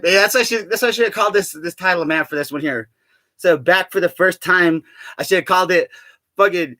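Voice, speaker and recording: A man's voice: a little high, fast talker, pushed and bright, dry recording. A young man vlogging in a rambling, profane, joking monologue, laughing often and full of fillers. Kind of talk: rambling casual monologue to camera.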